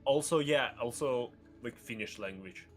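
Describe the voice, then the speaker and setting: A man chatting casually as a guest streamer, excitable and rambling, with many fillers and bursts of loud laughter. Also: medium pitch, moderate pace, soft background music. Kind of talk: casual chat.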